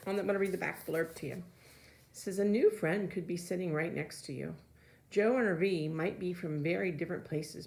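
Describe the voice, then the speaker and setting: A woman with a low, gravelly voice reads a children's novel aloud to her class. She stops between passages to chat and explain things. Her pacing is easy and classroom-friendly. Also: dark tone. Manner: chatty asides between passages. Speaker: teacher reading aloud to students.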